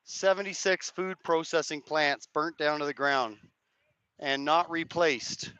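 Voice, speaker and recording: Hoarse man streaming from a rally. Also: fairly high pitch, a little slow, sharp tone, dry recording. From Canada. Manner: rambling, hedging, chats to viewers' comments. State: hoarse, cracked voice. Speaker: live streamer. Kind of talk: casual live-stream commentary. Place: outdoors at a street rally.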